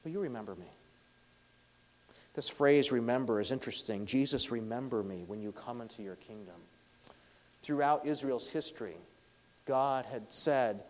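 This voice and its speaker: A man preaching a sermon, with emphatic swings between loud stressed phrases and hushed, quiet lines. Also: mid-range voice, moderate pace. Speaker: pastor. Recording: long hall reverb.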